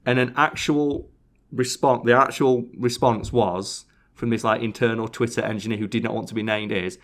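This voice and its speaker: A man's voice: mid-range voice, steady tone, moderate pace, a bit bright. A man hosting a casual podcast chat, sarcastically reading out survey answers. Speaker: podcast host.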